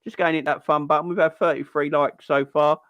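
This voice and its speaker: A young man hosting a casual football fan livestream, chatty and giving shout-outs to viewers. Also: a little high, steady tone, fast, dry recording, muffled recording.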